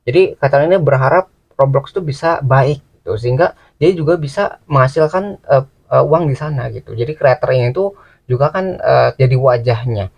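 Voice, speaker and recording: A man comments casually on a reaction video at a quick clip, often pausing with small hesitations. His voice has a gravelly, creaky texture at an ordinary pitch. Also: animated, a little mellow. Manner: explanatory, full of fillers.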